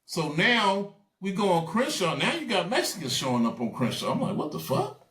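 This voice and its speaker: A man telling stories in a casual interview, animated and acting out the voices of people he quotes. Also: high-pitched, moderate pace, echoey room. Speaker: guest.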